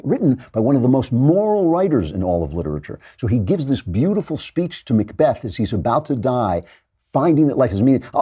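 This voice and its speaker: Animated man giving a husky lecture. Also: medium pitch. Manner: emphatic and animated, with frequent restarts. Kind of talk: lecture-style commentary.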